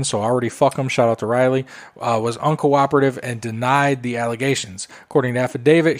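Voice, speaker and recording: Profane, rambling man podcaster. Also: medium pitch. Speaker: podcast co-host. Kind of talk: casual chat.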